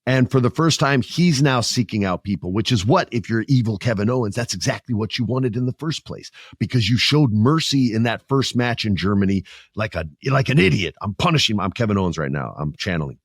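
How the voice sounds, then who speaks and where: A middle-aged man hosting a podcast, chatting about wrestling in a lively, joking way. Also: medium pitch, fairly quick, dry recording, clean studio sound. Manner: animated, joking, puts on voices. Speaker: podcast host. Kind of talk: casual wrestling chat.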